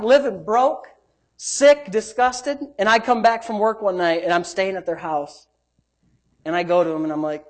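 Man preaching, loud then muttered. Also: normal speed. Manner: storytelling, swings between loud emphatic preaching and low muttered asides; acts out quoted speech. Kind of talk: sermon with personal testimony.

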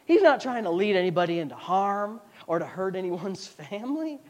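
High-voiced man preaching a sermon. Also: big pitch swings, normal speed. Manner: emphatic, preacherly, repeats himself for emphasis. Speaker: pastor.

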